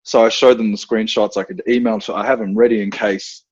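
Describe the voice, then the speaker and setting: A man's voice: on the low side, flat delivery, fairly quick, a little mellow, husky, no echo, highs cut off. An Australian man telling stories on a podcast, rambling with fillers and swearing freely. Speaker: guest, self-defense instructor. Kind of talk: casual podcast storytelling.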